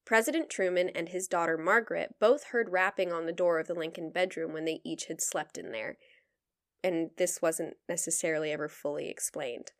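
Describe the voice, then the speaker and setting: A woman's voice: lowish voice, moderate pace. A young adult woman co-hosting a podcast, reading out researched history in a casual way and breaking into playful asides and laughter. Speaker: podcast co-host telling the story.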